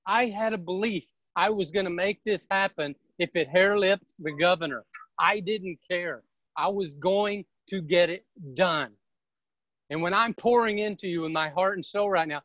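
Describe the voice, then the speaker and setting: A woman's voice: on the low side, moderate pace, no echo. Blunt woman giving a pep talk. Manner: blunt, emphatic, preachy, with some swearing. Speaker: real estate team leader speaking as a guest. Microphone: video call. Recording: dull, dry video-call audio.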